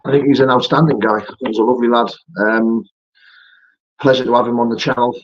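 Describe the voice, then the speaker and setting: Man, a fighter hosting a live stream, mid-pitched voice, casual and matey, dull lo-fi stream audio. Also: steady tone, quick pace, slight background noise. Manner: matey, peppers talk with "mate" and "you know". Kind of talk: casual live-stream chat, answering viewer comments.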